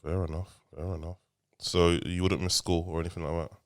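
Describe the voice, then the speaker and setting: A man's voice: deep voice, flat delivery, a little fast. A man hosting a casual podcast as a father, teasing and rambling, often repeating his questions.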